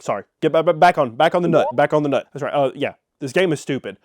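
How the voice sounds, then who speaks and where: A man's voice: on the high side, darkish tone. A man giving a casual, jokey game review, rambling and cutting himself off. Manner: rambling, jokey, self-interrupting.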